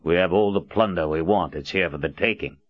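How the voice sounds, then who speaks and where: A man voicing a gruff, bald male soldier captain who growls his threats. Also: low voice, fairly quick, dry recording. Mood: threatening. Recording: dull lo-fi audiobook recording.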